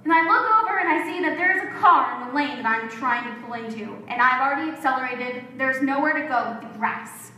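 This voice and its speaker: A woman pastor preaching a sermon in a lively storytelling manner, recorded in an echoey church hall. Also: sits high, a little fast, hardly any pauses, distant mic. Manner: lively storytelling, acts out quotes.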